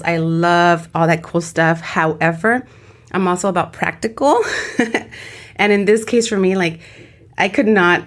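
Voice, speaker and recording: A woman co-hosting a casual podcast chat, chatty and laughing, dropping in Spanish phrases. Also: on the low side. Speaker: podcast co-host.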